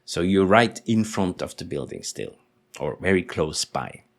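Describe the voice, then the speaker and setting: A man teaching in English, explaining patiently and slowly repeating example sentences. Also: low voice, lively intonation. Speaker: German teacher. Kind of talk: language lesson explanation.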